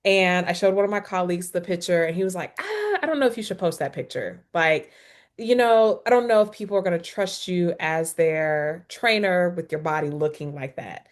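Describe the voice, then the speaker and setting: A woman's voice: lowish voice, moderate pace. A woman wellness professional hosting a webinar, speaking candidly and acting out dialogue, heard over a video call. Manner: candid, expressive, acts out dialogue. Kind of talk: casual webinar chat.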